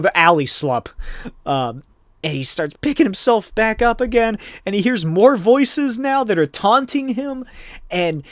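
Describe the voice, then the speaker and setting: A male podcast host telling a comic story casually, swearing freely and getting animated. His voice sits a touch high, and the sound is dry and close. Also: dry recording. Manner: loose, profane and animated storytelling. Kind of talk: casual comic book recap.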